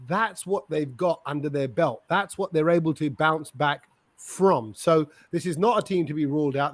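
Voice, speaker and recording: A man's voice: a little high, dry recording. A man hosting a fan chat show, chatty and upbeat, reading out viewer messages. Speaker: host.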